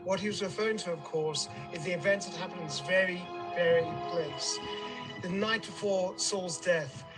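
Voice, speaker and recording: A man with a high voice narrates a vivid, dramatic story while guiding a tour. He speaks outdoors on a hillside. Clear music runs underneath his voice. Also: moderate pace, poor audio. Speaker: tour guide. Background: background music.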